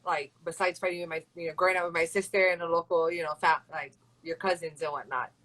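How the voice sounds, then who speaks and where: A woman's voice: on the low side, fairly even intonation, fast talker, fairly bright tone, rough recording. A young woman from Hawaii, a fighter chatting in an interview with a rambling, casual flow. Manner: chatty and rambling, full of "like" and "you know". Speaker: MMA fighter and guest.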